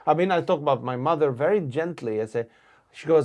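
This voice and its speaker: A man's voice: medium pitch, brisk, creaky. A man from Lebanon, a comedian guest telling stories on a casual podcast and acting out the people he quotes. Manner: animated storyteller, acts out quotes.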